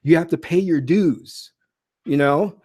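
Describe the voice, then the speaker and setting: A man talking as a spiritual teacher in a casual monologue, telling stories in an animated, blunt and preachy way, with many fillers and restarts. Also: on the high side, slow, husky.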